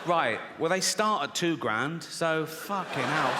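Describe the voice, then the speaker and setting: On a live theatre stage before an audience, a man with a higher-pitched, expressive voice works slowly through a profane, mocking stand-up routine, acting out his characters' voices. The venue is reverberant with faint ambience, and there's heavy background noise.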